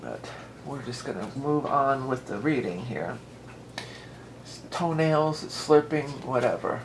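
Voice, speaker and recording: A woman's voice: very deep voice, lively intonation, unhurried, a little hiss or hum. A woman giving a casual tarot reading at home. She talks in a chatty, rambling way and often wanders into asides. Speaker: tarot reader. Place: at home with a dog nearby.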